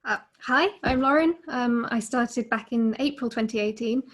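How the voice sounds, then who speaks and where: A woman with an English accent and a fairly high voice introduces herself on a webinar, speaking quickly with fillers. She comes through a video call. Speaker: panelist.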